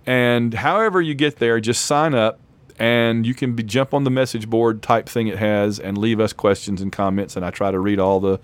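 A hoarse man co-hosting a podcast in casual chat, rambling and laughing often. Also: lowish voice, steady tone, normal speed. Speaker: podcast co-host; lecturer.

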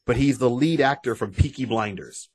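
A man with a slightly husky voice, talking casually as a podcast co-host. He rambles, restarts his sentences and gets animated as he makes his case. His pitch sits in an ordinary middle range. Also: normal speed. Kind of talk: casual chat.

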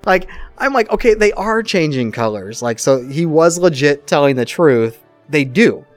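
A man's voice: on the high side, normal speed, soft background music. A middle-aged man co-hosting a podcast, chatting casually and acting out the lines of the people in his stories. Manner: animated storyteller who acts out quotes. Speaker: podcast co-host. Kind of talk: casual chat.

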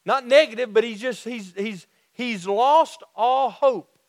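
A middle-aged man with a Southern accent preaching a sermon in a folksy way, restarting phrases and slowing down to stress his points. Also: extremely high pitch, dry recording, clean studio sound. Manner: folksy, repeats and restarts phrases, slows for emphasis. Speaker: pastor.

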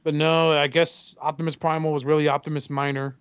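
A man's voice: fairly high pitch, flat delivery, fairly quick, clear, resonant tone, lo-fi sound. A man co-hosting a podcast in casual chat, telling rambling profane stories and acting out quotes. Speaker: podcast co-host.

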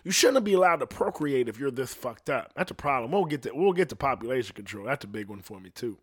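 A man's voice: medium pitch, animated, fast, fairly bright tone, breathy edge, no echo, studio quality. Profane, rambling male storyteller. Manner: crude, profane, rambling with laughs. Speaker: podcast storyteller. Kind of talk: casual storytelling.

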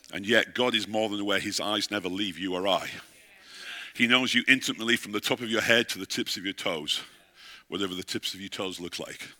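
A man's voice: medium pitch, pushed and bright. A middle-aged man, a pastor, preaching a sermon and telling a story, often asking his listeners questions.

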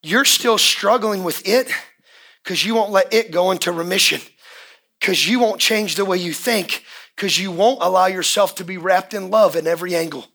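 A man preaching a fiery sermon as pastor at a church service, often shouting and repeating key words. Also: high-pitched, moderate pace, vocal fry.

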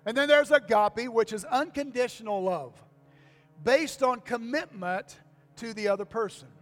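A man's voice: extremely high pitch, normal speed, soft background music. An older man preaching to his congregation in a folksy manner, repeating key lines and asking for amens. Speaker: pastor. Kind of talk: sermon. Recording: long reverb of a church hall.

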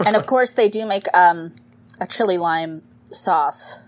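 A woman's voice: fairly low pitch, a little slow, slight background noise. A woman co-hosting a podcast, chatting casually and laughing through a food tasting with a studio mic. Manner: animated, laughing, swearing casually. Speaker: podcast co-host.

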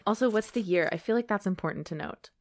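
A woman with a voice sitting at an ordinary, middle pitch trades jokes with a friend and drifts between dry plot summary and reading a romance novel aloud. Her delivery stays easy and playful, never far from her normal speaking tone. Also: fast. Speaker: podcast co-host.

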